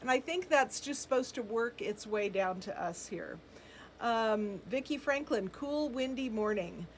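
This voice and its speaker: Brief: middle-aged woman, bright-pitched, chatty live-stream host, faint room hum. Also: lively intonation, measured pace. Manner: chatty, greets viewers by name, frequent ums and laughs. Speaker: boutique live-sale host. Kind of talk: casual live-stream chat reading viewer comments.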